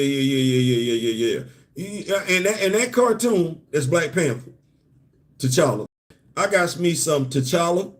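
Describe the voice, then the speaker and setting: With a high-pitched voice, this energetic host of a comics and culture live show riffs on comics by himself. His casual commentary is conversational, heavy on rhetorical questions, with words repeated as a point takes shape.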